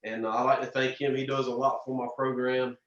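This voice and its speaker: A young man, a racer guest telling animated stories in a casual interview. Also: medium pitch, brisk. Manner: animated storyteller, frequent restarts and "man". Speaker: drag racer and podcast guest. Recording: distant, roomy, dull lo-fi sound.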